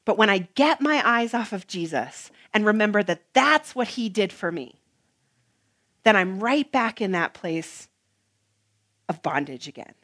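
A woman preaching a sermon, earnest and emphatic, with rhythmic repetition and some soft, hushed passages. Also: mid-range voice, lively intonation, a little slow.

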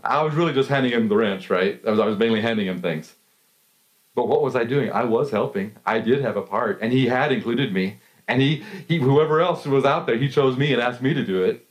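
A middle-aged man preaching a sermon, telling stories with frequent laughter and lively swings in his voice. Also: medium pitch, a little fast. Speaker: pastor.

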